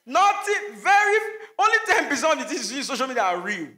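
A man from Nigeria with a Nigerian accent, doing an animated stand-up set on stage, slipping into Pidgin asides and shouting his punchlines. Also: extremely high pitch, fast talker. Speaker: stand-up comedian. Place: comedy stage before a live audience. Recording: echoey venue with faint noise.

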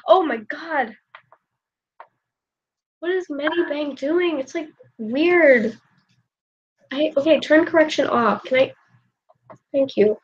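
A woman's voice: high voice, takes it slowly, long pauses. A young woman live-streaming while she draws, sick and coughing, rambling casually with lots of filler words. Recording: muffled lo-fi stream audio.

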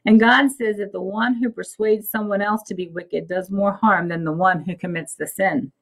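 A woman's voice: mid-range voice, steady tone, moderate pace, lightly acted, poor audio. A woman voicing the south wind, patiently explaining to the mountain.

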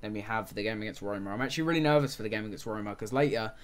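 A man's voice: on the low side, very fast. A man giving casual let's-play commentary on a football management game, calling the action play by play and muttering frustrated asides. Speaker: gaming channel host.

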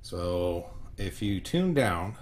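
A man hosting a home guitar tutorial, short of breath and speaking in slow, halting phrases with pauses. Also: deep voice, big pitch swings.

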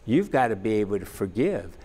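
A man's voice: on the low side, very animated, brisk, mellow, breathy edge. Earnest man teaching in a reverberant hall. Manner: earnest and plainspoken, with frequent "you know" fillers. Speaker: church class teacher. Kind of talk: practical church class teaching. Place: church meeting room.

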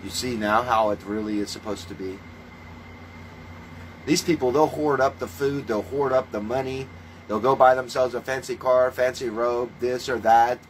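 A man preaching in a ranting monologue, scornful and full of swearing, moving between calm teaching and loud outbursts. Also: mid-range voice, normal speed, a little hiss or hum, poor audio. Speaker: self-styled religious preacher.

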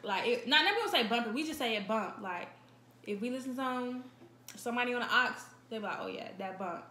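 A woman's voice: a little high, lively intonation, fast talker, pushed and bright, slight background noise. A young woman, casually explaining local slang in a home kitchen. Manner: laid-back, explains slang with examples. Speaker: co-host. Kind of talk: casual chat. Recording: echoey kitchen.

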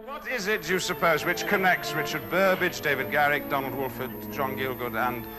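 A male stage actor giving a talk on performing Shakespeare, in a measured, reflective way with thoughtful pauses. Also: fairly high pitch, music in the background.

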